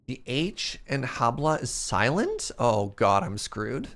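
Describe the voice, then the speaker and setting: Gravelly Canadian man chatting while gaming. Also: mid-range voice, sing-song, slow pace, hardly any pauses, a bit bright. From Canada, prairies. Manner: playful, self-mocking, chatting with viewers. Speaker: streamer. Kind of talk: casual chat while playing a game.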